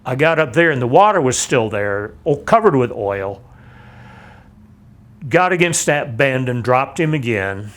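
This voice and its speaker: An older man, a navy veteran, telling a vivid personal account in a measured, plain-spoken way. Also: medium pitch, very animated. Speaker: navy veteran recounting his experience. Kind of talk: personal testimony.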